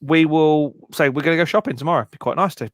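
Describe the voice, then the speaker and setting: A middle-aged man co-hosting a live music Q&A stream, joking around and talking in quick bursts with restarts. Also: on the high side, no room sound. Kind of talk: casual live-stream chat.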